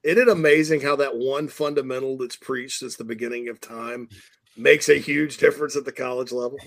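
A man from the Southern US co-hosting a sports talk show, chatting in an animated, joking way. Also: medium pitch, brisk, creaky, no room sound. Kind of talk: casual sports chat.

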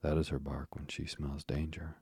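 A man reading a wise, calm young girl. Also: extremely low pitch, moderate pace, slightly rough, dry recording, clean studio sound, exaggerated voice.

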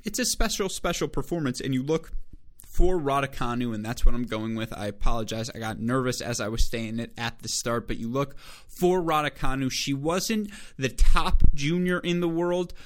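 A man from Michigan talks through his tennis betting picks, full of numbers and odds. He speaks with bursts of energy and corrects himself often as he goes. His voice sits at an ordinary middle pitch for a man. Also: moderate pace. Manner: energetic, stat-heavy, self-correcting delivery. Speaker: sports betting host.

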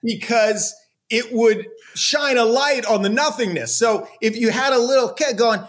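A man's voice: very high-pitched, unhurried, a bit bright. A man co-hosting a casual sports chat, ranting with sarcasm, laughing and swearing. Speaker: podcast co-host.

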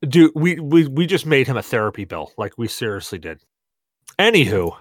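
A man hosting a podcast, tipsy from rum, telling a story in an animated, laughing way and swearing a lot. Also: mid-range voice, moderate pace, no room sound, studio quality. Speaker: podcast host. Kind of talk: casual storytelling chat.

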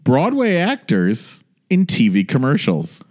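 Animated man hosting a chatty podcast. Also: mid-range voice, slow pace. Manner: playful, animated storytelling. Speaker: podcast host. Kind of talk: casual podcast chat.

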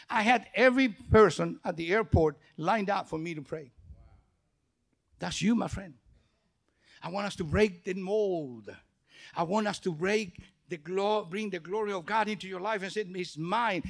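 A male pastor with a high, creaky voice preaches a sermon at a moderate pace. He tells stories animatedly and acts out dialogue, speaking English that isn't his first language, with non-native phrasing.

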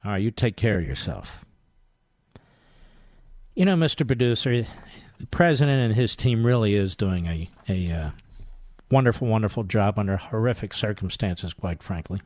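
A man's voice: lowish voice, lively intonation, darkish tone, dry recording. A man hosting a talk radio show, scornful, indignant and combative in his commentary. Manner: indignant, scornful, rapid-fire.

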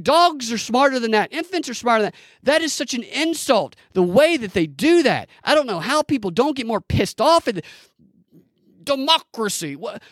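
High-voiced man ranting indignantly. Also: fairly bright tone, no echo, clean studio sound. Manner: indignant, mocking rants. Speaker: podcast host. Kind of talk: solo political commentary.

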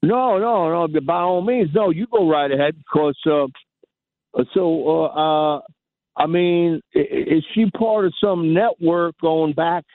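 A man's voice: fairly high pitch, unhurried, no echo. A man calling in to a radio show, hesitant and full of fillers, backing down politely. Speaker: caller. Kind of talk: phone-in call. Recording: tinny phone line.

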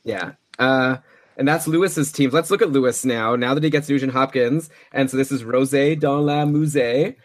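A man hosting a podcast, chatting casually and upbeat with quick asides. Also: medium pitch, no echo. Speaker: podcast host. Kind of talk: casual commentary on a fantasy hockey draft.

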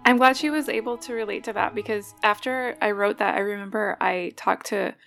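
A woman speaks with a slightly gravelly, fry-tinged voice, steady in pitch. She talks thoughtfully, working through ideas at length in a relaxed conversation about faith. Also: brisk, soft background music. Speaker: guest.

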